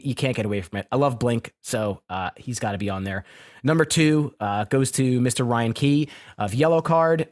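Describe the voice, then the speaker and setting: Easygoing male podcast co-host. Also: medium pitch. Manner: relaxed, trails off quietly, repeats words. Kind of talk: casual podcast chat.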